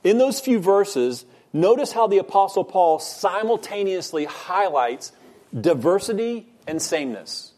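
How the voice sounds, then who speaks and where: A man teaching a Bible study lesson, earnest and measured, stressing points by repeating phrases. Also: sits high, animated, darkish tone.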